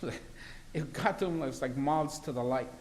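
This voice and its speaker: A man's voice: medium pitch, normal speed, a little hiss or hum, low-quality recording. A man, a criminal defence lawyer, talking in an interview in an assertive, argumentative and emphatic way. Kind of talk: interview conversation.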